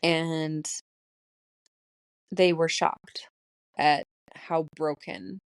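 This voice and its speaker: Solo podcast host, woman, late 30s, lowish voice, tearful and shaky, laughs between thoughts, dry close sound. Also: fairly even intonation, drawn-out words, clear, resonant tone, dry recording. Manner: emotional, laughing through her words. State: voice shaking, close to tears. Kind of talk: solo spiritual diary podcast.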